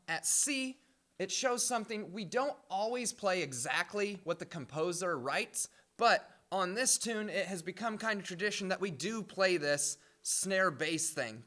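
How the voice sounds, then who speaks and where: High-voiced man teaching drum set. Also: bright, forceful tone. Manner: clear, patient explaining with sung drum patterns. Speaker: music professor. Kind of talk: instructional video lesson.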